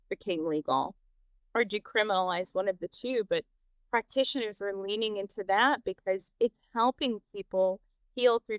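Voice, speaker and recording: A woman's voice: medium pitch, dry recording. A woman from Texas hosting a podcast, talking candidly with frequent laughs and restarts. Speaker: podcast host. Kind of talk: casual interview chat.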